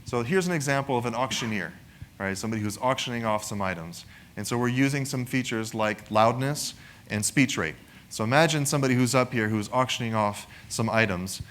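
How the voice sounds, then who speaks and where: A man's voice: medium pitch, brisk, a bit bright. A man giving a conversational technical product presentation, often adding "right?" to his points. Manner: conversational, frequent "right?" tag questions.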